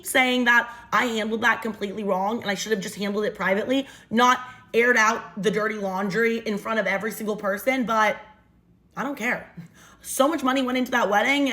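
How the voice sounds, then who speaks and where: A woman's voice: medium pitch, a bit bright. A young adult woman casually retelling a dramatic personal story in first person, storytime style. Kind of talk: storytime narration.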